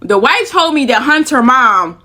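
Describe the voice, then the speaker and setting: Breathless woman storyteller, bright and forceful tone, animated and profane, casual vlog delivery. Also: medium pitch, a little fast. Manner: animated, profane, repeats phrases for emphasis. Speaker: storyteller vlogger.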